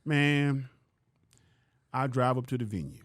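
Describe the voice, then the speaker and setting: Brief: man, mid-pitched, lively swinging delivery, slangy podcast storyteller. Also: takes it slowly, dry recording, studio quality. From Louisiana. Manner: animated, slangy, acts out the people he quotes. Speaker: comedian guest.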